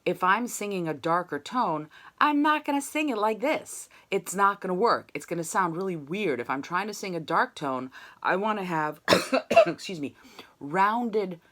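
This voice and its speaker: A woman's voice: lowish voice, expressive, normal speed, fairly bright tone. A woman voice teacher giving an online singing lesson over a video call, explaining technique and singing short demonstration syllables.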